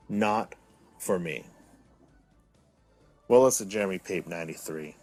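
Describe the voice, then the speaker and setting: A man's voice: medium pitch, no echo. A man in his thirties hosting a comedic solo podcast, talking with mock drama that swings from mopey to indignant. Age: 30s. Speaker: podcast host.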